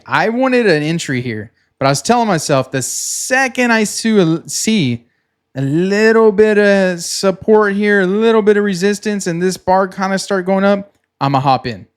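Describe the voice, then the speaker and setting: A laid-back man sits with his chart and explains his trades in plain, chatty talk. His voice sits a touch higher than most men's, and he keeps saying "like" as he points out spots on the screen. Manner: relaxed and chatty, many "like"s, quick laughs; talks himself through the chart while pointing at it. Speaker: futures trader recapping his trading session. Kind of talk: casual screen-share trading walkthrough.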